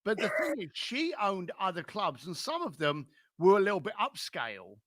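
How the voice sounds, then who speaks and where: London-accented man, middle-aged, animated storyteller, high and forceful voice, dry close sound; interview guest. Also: moderate pace, no room sound. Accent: London English. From London, England. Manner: animated storyteller who acts out other people's lines.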